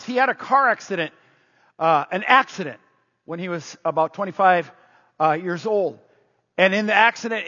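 A man preaching a sermon, telling stories in a lively, conversational way and prompting the congregation to call out answers. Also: high-pitched, big-room sound, highs cut off. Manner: animated, conversational storytelling with audience prompts. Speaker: pastor.

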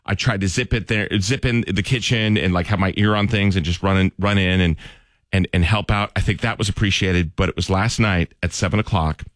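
Deep-voiced man telling a heartfelt story. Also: dry recording, studio quality. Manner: earnest storyteller, self-deprecating jokes. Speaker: radio show host. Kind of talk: casual on-air chat.

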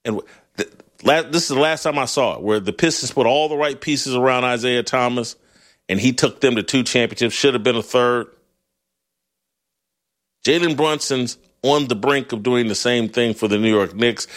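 A man's voice: mid-range voice, moderate pace. A middle-aged man hosting a sports talk show, delivering a blunt, opinionated monologue with frequent laughs and restarts. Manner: animated, blunt, laughs often, restarts mid-phrase.

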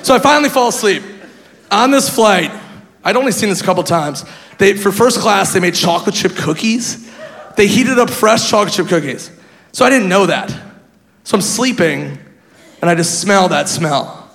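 High gravelly comedian in a reverberant hall. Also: male voice, normal speed. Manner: animated, self-mocking, breaks into laughter. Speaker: stand-up comedian. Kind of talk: stand-up storytelling. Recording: live hall reverb, faint noise.

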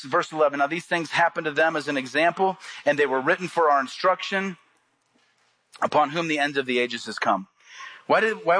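Guy preaching a sermon, bright ringing voice, kinda high, punches up the big lines. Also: poor audio. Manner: preaching with rising emphatic peaks and quoted asides. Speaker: pastor.

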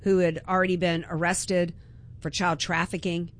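A woman's voice: on the low side, level tone, normal speed. A woman hosting a political talk radio show, delivering an impassioned, emphatic monologue with frequent restarts.

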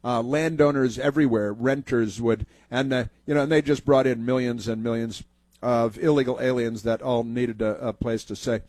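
A man's voice: mid-range voice, fairly even intonation, normal speed, a little mellow, dry recording. Dry, sarcastic male radio host. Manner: sarcastic, mocking, rambling with many fillers. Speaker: radio talk show host. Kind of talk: political talk radio commentary.

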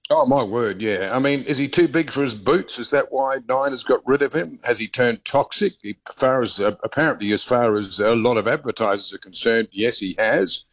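A male correspondent filing a brisk, opinionated report for talk radio. His voice is mid-pitched and comes through a slightly dull, lo-fi line. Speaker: Australia correspondent.

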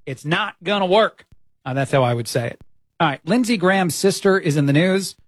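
A man's voice: high-pitched, animated, fairly quick, no room sound. A man filling in as a talk radio host, giving an indignant monologue with frequent "uh" fillers.

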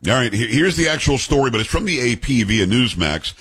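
Fast, animated talk-radio host. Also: male voice, medium pitch, husky. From from an Italian-American family. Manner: fast, animated storyteller who mimics people. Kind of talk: casual talk radio banter.

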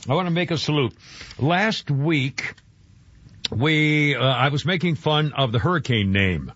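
A man hosts a talk radio show in a loose, rambling way, stumbling over his words and cracking jokes as he goes. His voice is a bit husky and swings widely in pitch. It comes across as a dull, lo-fi broadcast. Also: lively intonation, unhurried, fairly bright tone. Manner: rambling, self-interrupting, jokey. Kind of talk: casual radio banter.

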